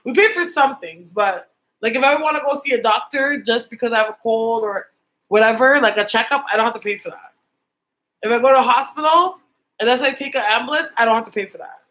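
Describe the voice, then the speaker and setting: A woman's voice: on the high side, brisk, a bit bright, low-quality recording. A young woman from Canada chatting casually with viewers on a livestream as a psychic medium host, reading their comments aloud.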